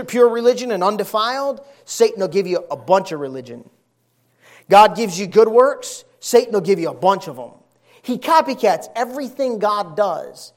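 A middle-aged man preaching a sermon, telling stories in a lively, folksy way and hammering points home with repetition. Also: sits high. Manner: animated, folksy storytelling with emphatic repetition.

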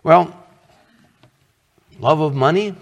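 A man's voice: fairly high pitch, slow pace, gravelly, big-room sound, lo-fi sound. A middle-aged man preaching a sermon as pastor, earnest and conversational, asking the congregation questions.

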